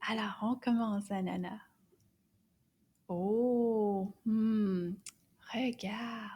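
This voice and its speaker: A woman teaching a French lesson to children, animated, gasping and slipping into whispers, drawing words out slowly for repetition. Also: a little high, husky. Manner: animated, gasps and whispers to a puppet; slow, drawn-out repetition for children.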